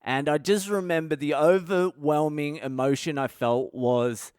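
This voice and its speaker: Profane storytelling man, smooth voice. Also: a little high, fairly even intonation, unhurried, darkish tone, dry recording, clean studio sound. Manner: profane, candid, laughs at his own story. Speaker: podcast host. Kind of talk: casual storytelling monologue.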